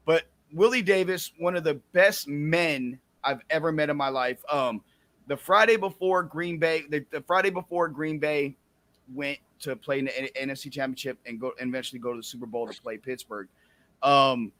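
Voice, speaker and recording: Male host, fairly high voice with a sharp, bright edge, loose rambling storyteller. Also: a little fast, no echo. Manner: rambling storyteller, frequent restarts and ums. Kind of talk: casual sports talk show.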